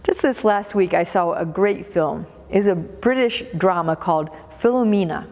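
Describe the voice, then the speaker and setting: A woman's voice: fairly low pitch, normal speed, darkish tone. A woman pastor preaching a sermon in a church, telling the story expressively and repeating words for emphasis. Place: church sanctuary. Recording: long church reverb.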